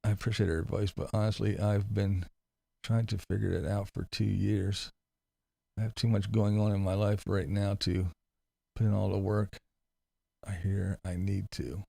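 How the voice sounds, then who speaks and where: Wry, gravelly-voiced man chatting to chat. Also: fairly low pitch, level tone, moderate pace, warm tone, dry recording, studio quality. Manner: wry, rambling, sarcastic. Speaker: livestream host. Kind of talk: casual chat reading live comments. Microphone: close desk mic with headphones.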